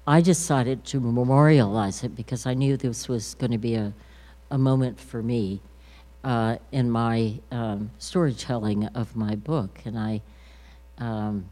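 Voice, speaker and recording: An older woman telling a personal story at an unhurried pace, with many pauses and fillers. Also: rumbling low, dark tone, big-room sound. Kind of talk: storytelling on a talk stage.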